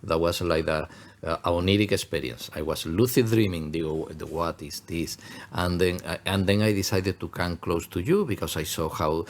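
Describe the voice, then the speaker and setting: Very deep gravelly guy, hunts for english words, bit of faint hiss behind. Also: normal speed. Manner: searching for words in English, earnest. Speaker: podcast co-host, walking partner. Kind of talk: casual storytelling chat.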